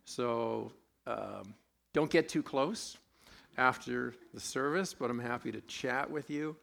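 A man's voice: medium pitch, takes it slowly, gravelly, fairly bright tone. A man preaching a sermon, conversational and self-deprecating, with a sore throat, asking his congregation questions as he goes. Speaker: pastor.

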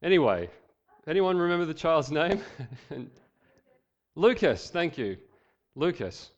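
A man's voice: fairly high pitch, sing-song, takes it slowly, lo-fi sound. A male pastor preaching a sermon, reading scripture with voiced quotes and joking asides.

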